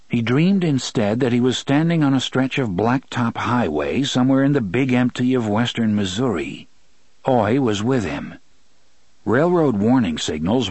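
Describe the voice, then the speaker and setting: A man reading a novel aloud in steady, measured storytelling narration. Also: medium pitch, slightly rough, no echo. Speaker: audiobook narrator. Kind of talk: scripted narration.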